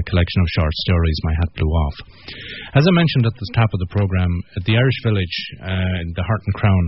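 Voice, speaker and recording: A man's voice: low-pitched, husky, muffled recording. A man hosting a live radio program, introducing tracks and guests in an easygoing, chatty way. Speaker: radio host.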